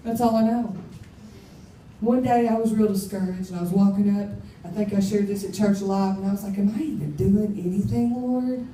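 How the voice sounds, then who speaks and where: Warm-voiced woman preaching in a roomy hall. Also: mid-range voice, flat delivery, slight background noise. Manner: candid, emphatic, quick to laugh at herself. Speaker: conference speaker. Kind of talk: personal testimony preaching. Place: conference hall. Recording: roomy hall, speaker far from mic.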